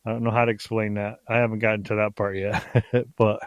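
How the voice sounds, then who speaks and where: A middle-aged man telling stories as a podcast guest in a rambling, excitable way, often restarting his sentences. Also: on the low side, quick pace, no room sound, dull audio. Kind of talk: casual storytelling on a podcast.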